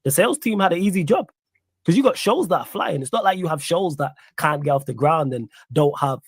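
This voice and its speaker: Brief: co-host, husky voice, dry close sound, supportive. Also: male voice, a little high, expressive, a little fast, no echo. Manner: supportive listener, short reactions, slangy. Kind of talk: casual chat.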